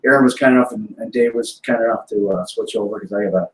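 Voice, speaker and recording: A man's voice: on the low side, fast talker, recorded from a distance. A man from Wisconsin, a podcast guest telling stories in a rambling, casual way with many restarts. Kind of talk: casual chat. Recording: echoey remote call with faint noise.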